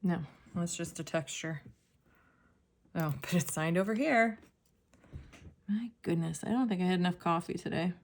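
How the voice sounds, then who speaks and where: A woman casually narrating a jewelry unboxing, soft-spoken and sometimes dropping to a whisper as she examines pieces. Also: fairly low pitch, normal speed, pauses often. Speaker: jewelry reseller.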